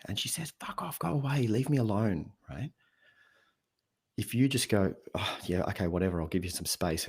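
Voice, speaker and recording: Man, deep voice, husky, animated storyteller, podcast guest. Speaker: podcast guest, habits coach. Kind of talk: casual podcast conversation.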